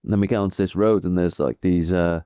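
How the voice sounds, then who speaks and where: A man's voice: low-pitched, fairly even intonation, quick pace, warm tone, clear, resonant tone, no room sound, clean studio sound. A Welsh man co-hosting a cycling podcast, telling stories in a laid-back, chatty way. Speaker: podcast co-host, pro cyclist. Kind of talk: casual podcast chat.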